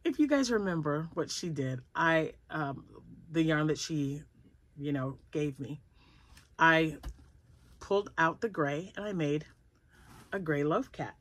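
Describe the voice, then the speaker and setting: A woman's voice: low-pitched, expressive, a little slow, pauses often, dry recording. An older woman chatting casually at home about her crochet projects, rambling and laughing often. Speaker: crochet vlogger. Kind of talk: casual chat.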